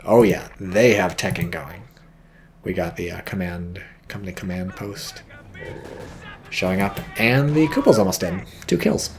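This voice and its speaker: A man giving casual, rambling game commentary, joking and swearing and getting excited as things happen. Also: deep voice, unhurried, soft background music. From not British. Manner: rambling, jokey, swears freely, gets excited.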